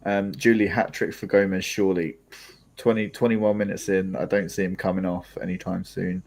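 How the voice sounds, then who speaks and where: A man's voice: sits low, level tone, moderate pace, gravelly, a little mellow. A young man, co-hosting a live football watchalong and chatting casually, often laughing. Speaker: podcast co-host. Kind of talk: live match watchalong commentary.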